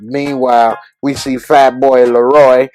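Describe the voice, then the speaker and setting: A man's voice: medium pitch, flat delivery, unhurried, darkish tone, faint music behind, low-quality recording. A man hosting a casual episode recap, retelling scenes in loose, slangy talk. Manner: loose, slangy retelling that acts out characters' lines. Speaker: TV show recap reviewer.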